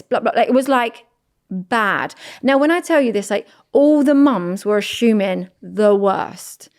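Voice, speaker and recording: A woman co-hosting a podcast, chatting casually and telling a story with lively acted-out quotes. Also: medium pitch, a little slow. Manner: animated storytelling, acts out quoted parents. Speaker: podcast co-host. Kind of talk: casual chat.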